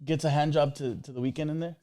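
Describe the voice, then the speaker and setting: A man's voice: a little high, steady tone, fast talker, dark tone. A man co-hosting a podcast in casual chat, rambling through stories and joking at his own expense. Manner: rambling, self-aware, joking. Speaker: podcast co-host.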